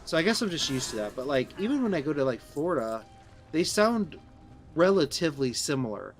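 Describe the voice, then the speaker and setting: A man from Southern Illinois with a Midwestern American accent streams a game and chats casually with his viewers. His voice is on the high side and sing-song, moving a little fast over soft background music. He rambles, answers chat, and often restarts his sentences.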